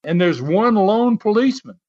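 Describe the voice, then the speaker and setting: A man's voice: sits high, expressive, normal speed, darkish tone. A man as an interview guest, telling a story in a casual, chatty way and laughing often. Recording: dull lo-fi sound.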